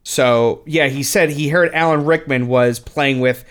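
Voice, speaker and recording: A man talks films in a loose, conversational way, circling back and restarting his sentences as he retells behind-the-scenes stories. His pitch sits right in the middle for a man. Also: steady tone, unhurried, a bit bright. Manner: rambling, with many restarts and retold quotes. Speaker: podcast co-host. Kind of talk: casual film commentary chat.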